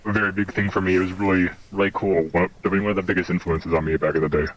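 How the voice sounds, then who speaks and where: A man's voice: low voice, flat delivery, very fast. A man hosting a casual podcast interview, eagerly asking questions packed with filler words. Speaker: podcast host.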